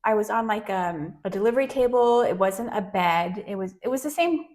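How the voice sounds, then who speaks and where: A woman hosting a casual interview in a medium-pitched voice. She speaks conversationally and reflectively, and she mixes personal memories with curious questions. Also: animated, fairly quick, a little mellow. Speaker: host.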